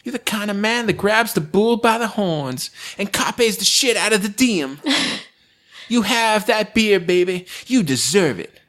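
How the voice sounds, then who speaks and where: A woman's voice: mid-range voice, expressive, a little slow, a bit bright. A man putting on a female voice for a gushing, lovestruck woman praising a man she admires. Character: gushing woman writing a love note.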